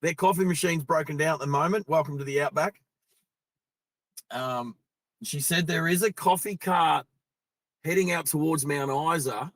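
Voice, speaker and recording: A man's voice: fairly high pitch, normal speed, long pauses, a bit bright, no echo. A middle-aged Australian man hosting a live driving vlog, telling stories in a loose, chatty way and laughing easily. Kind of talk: casual storytelling while driving. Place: in a car on the road.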